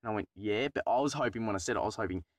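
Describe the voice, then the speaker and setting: A young Australian YouTuber with a lowish voice races through a story about his driving test. His casual vlog telling is rambling, profane and self-deprecating, captured with no room sound.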